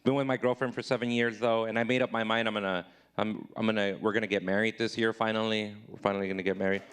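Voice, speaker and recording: A man in his thirties performing a live stand-up comedy set, self-deprecating, jumping high and loud when he acts out his own replies. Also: flat delivery, quick pace, clean tone.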